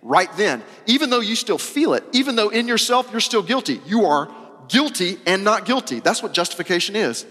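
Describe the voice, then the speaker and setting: A man preaching a sermon as pastor, emphatic and casual, repeating phrases and moving between loud and soft. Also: high voice, sing-song, a little fast. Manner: casual, uses "y'all" and slang. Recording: long hall reverb.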